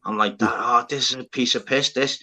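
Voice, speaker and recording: Bright-voiced man telling stories. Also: mid-range voice, a little fast. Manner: swearing, animated, acts out both sides of conversations. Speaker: livestream host. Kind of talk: casual storytelling chat. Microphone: phone on a live stream panel.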